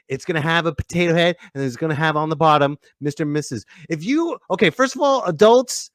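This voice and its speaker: A man hosting a comedy podcast, ranting excitably and tacking "okay?" onto his lines. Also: fairly high pitch, no room sound, studio quality. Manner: excitable, rants and repeats "okay?". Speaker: podcast host.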